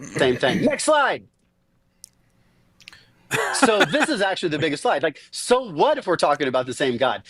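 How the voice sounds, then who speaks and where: A man presenting a formal argument in a debate in a lively, insistent way. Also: a little high, normal speed, pauses often, slightly rough, dry recording.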